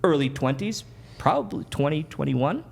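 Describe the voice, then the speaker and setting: A man's voice: on the high side, very animated, normal speed, gravelly, slight background noise. A man from Wisconsin, a guest telling stories in a casual, self-deprecating way with lots of laughing. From Wisconsin, USA. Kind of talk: casual storytelling.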